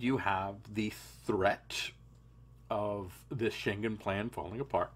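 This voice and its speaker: A man's voice: lowish voice, fairly even intonation, takes it slowly. A man hosting a political commentary podcast, reading news and adding sarcastic, conversational asides. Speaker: podcast host.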